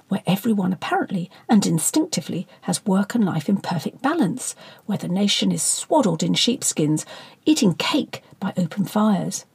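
A woman's voice: lowish voice, creaky, darkish tone, breathy edge, dry recording. A woman reading satirical fiction aloud as an audiobook narrator, with a wry, sardonic delivery.

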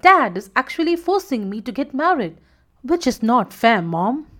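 A headstrong young male lion from a storybook, self-assured and stubborn about his own choices, as a woman narrator puts him on. The voice is fairly high with a lively lilt. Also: normal speed, exaggerated voice.

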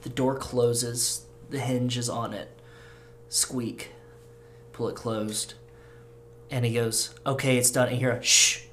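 A man as game master, narrating a tabletop role-play scene in a slow, halting, descriptive way. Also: medium pitch, level tone, a bit bright, a little hiss or hum.

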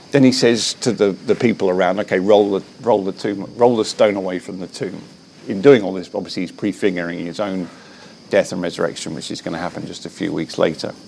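A man preaching his faith in an interview, earnest and animated, with frequent restarts. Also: lowish voice, vocal fry, slight background noise. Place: Belfast.

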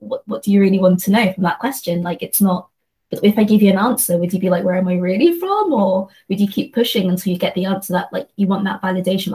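Earnest woman, flat even voice. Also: medium pitch, rough recording. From London, England. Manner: earnest, thinking aloud with frequent restarts. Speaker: guest, company associate. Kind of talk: reflective conversational discussion.

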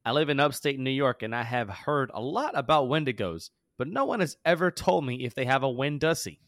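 A man co-hosting a podcast, animated and jokey in casual banter. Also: medium pitch, fairly quick, no echo, clean studio sound. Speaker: podcast co-host.

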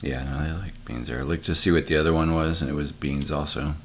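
A man's voice: rumbling low, fairly even intonation, fast talker, slight background noise. A man in casual chat, laid-back with dry remarks.

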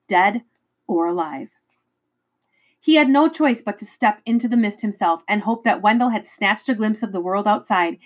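A woman reading a novel chapter aloud, expressive and dramatic, with occasional stumbles. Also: medium pitch, rough recording. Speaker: reader.

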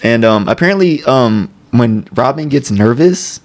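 A man co-hosting a casual podcast, retelling cartoon scenes in a rambling, animated way and jumping into quoted voices. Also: medium pitch, unhurried. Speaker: podcast co-host. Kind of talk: casual chat.

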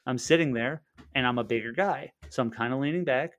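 A young man co-hosting a podcast, telling a crude story in a casual, animated way with frequent restarts. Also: medium pitch, brisk, no echo, highs cut off. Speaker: podcast co-host.

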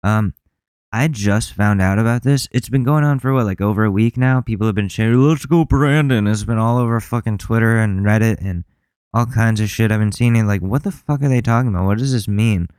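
This is a man with a low, smooth, crisp voice hosting a casual commentary podcast. He rambles, swears freely and has a sarcastic edge. The sound is dry and close. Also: brisk, a little mellow, no room sound. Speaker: podcast host.

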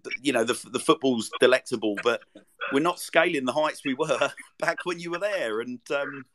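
A man hosting an interview, asking questions with halting restarts and fillers. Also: mid-range voice, fairly bright tone, slight background noise. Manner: halting, stumbling over question openings. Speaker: podcast host. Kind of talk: casual interview chat.

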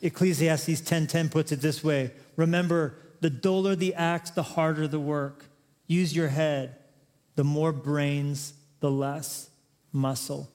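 A man's voice: fairly high pitch, steady tone, slow, darkish tone. A male pastor preaching a sermon, chatty and joking at times, then building to emphatic, rising exhortations. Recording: long reverb of a large hall.

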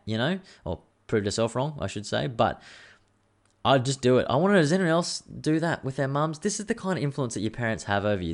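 A man, hosting a casual solo podcast, chatty and rambling, swearing freely. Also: medium pitch. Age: 30s. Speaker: podcast host.

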